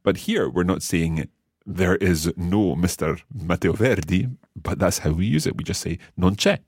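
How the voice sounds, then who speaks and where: A man's voice: low voice, moderate pace, a little mellow, husky, dry recording. A man teaching a podcast language lesson, explaining patiently step by step and quizzing his learner.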